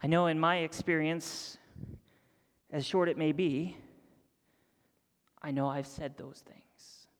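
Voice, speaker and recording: A young man preaching a sermon, telling a Bible story dramatically, sometimes dropping to a near-whisper and sometimes acting out excited voices. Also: on the high side, slow pace, pauses often. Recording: long hall reverb.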